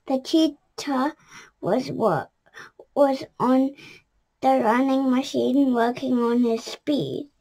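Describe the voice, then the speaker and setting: Slow high-voiced woman storyteller. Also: warm tone. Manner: careful with small restarts. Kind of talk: reading a children's picture book aloud.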